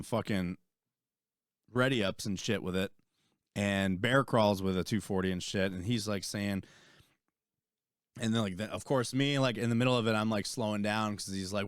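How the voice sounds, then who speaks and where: A young man, an army veteran and podcast co-host, telling a rambling, profane story in casual chat and getting animated as he retells it. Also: on the low side, clean tone, dry recording, clean studio sound.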